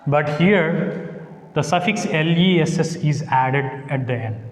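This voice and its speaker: A male teacher giving a lecture to a class, speaking slowly and deliberately, repeating words and spelling out letters one by one. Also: fairly high pitch, darkish tone. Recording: echoey classroom, long reverb.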